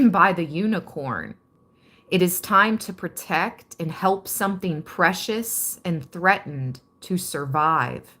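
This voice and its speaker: Calm low-voiced woman tarot reader. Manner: calm and reflective, reading card meanings aloud. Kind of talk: casual tarot reading for viewers.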